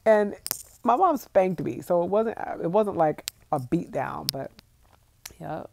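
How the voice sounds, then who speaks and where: A woman in her thirties from the United States chats casually on a phone livestream, laughing often and answering viewer comments as she reads the live chat. Her fairly low voice is expressive, slightly mellow and creaky, and she takes her time.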